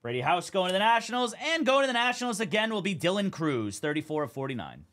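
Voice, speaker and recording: A man's voice: sits high, very animated, fast, a bit bright. A young man hosting a live card break stream, chatting casually as he calls out cards and teams.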